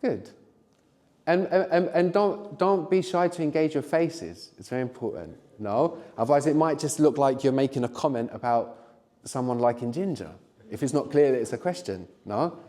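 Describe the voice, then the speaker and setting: A middle-aged man teaching a live workshop, encouraging the learners and often checking in with a quick "no?". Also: mid-range voice, expressive, dark tone, long reverb tail. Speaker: language teacher.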